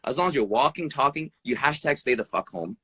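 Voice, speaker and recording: A man who works as an emergency room doctor, talking bluntly over a live video stream, swearing freely, his pitch jumping up and down, and tagging "right?" onto his points. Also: brisk, breathy edge. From United States. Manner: animated, pitch jumps up and down. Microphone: phone or video call mic.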